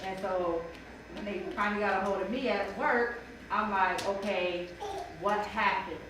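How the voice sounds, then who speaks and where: A mother sharing a personal story at a church bible study, animated and emotional, acting out what people said. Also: mid-range voice, normal speed. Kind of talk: personal testimony in a group discussion. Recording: echoey room from far off, noisy.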